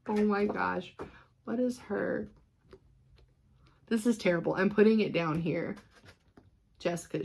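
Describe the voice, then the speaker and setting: A woman chatting casually as she shows her cross-stitch projects, scattered and quick to laugh at herself. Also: medium pitch, a little hiss or hum. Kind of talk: casual show-and-tell chat.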